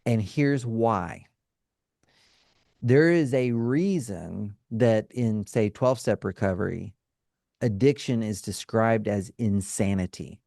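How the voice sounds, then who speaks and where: A man's voice: lowish voice, takes it slowly, vocal fry, warm tone, no echo. Man explaining like a teacher, dry sound. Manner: teacherly, often checks in with "right?" and "okay?". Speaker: counselor and trauma specialist guest. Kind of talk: explanatory interview talk.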